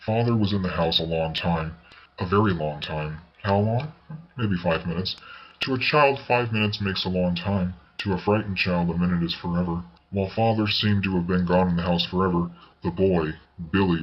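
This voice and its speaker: A man reading a ghost story aloud as narrator, in a measured, unhurried way. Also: low voice, breathy edge. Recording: slightly dull recording with faint hiss.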